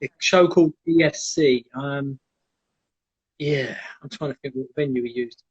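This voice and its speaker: A man telling animated stories in a casual live chat and acting out the people in them. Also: medium pitch, unhurried, slightly rough. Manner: animated, acts out quoted voices. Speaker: guest, jiu-jitsu black belt. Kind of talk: casual storytelling on a live stream. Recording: dull lo-fi live stream audio.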